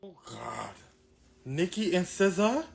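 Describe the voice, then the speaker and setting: A man's voice: sits high, sing-song, unhurried, vocal fry, a little mellow. A man commenting in a casual reaction video, rambling and exasperated, often laughing. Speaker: commentator reacting to celebrity news.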